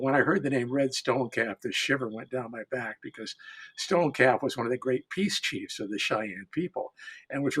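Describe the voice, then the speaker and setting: A man on a discussion panel telling a personal anecdote in an unhurried, halting way, with frequent fillers and chuckles as he builds to a punchline. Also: medium pitch, pushed and bright, husky. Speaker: storyteller and panelist.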